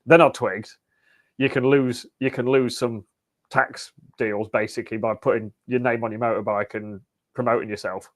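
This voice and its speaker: A man's voice: mid-range voice, fairly even intonation, moderate pace. A man, a race team owner, chatting as a podcast guest in an easygoing, wry way. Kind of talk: casual interview chat.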